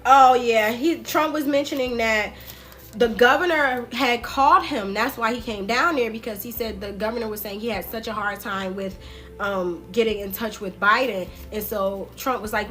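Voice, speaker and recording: A woman hosting a livestream, chatting casually and directly to her viewers in loose, slangy speech, retelling things with animated swings in pitch. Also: normal speed, soft background music. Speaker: livestream political commentary host. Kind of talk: casual chat.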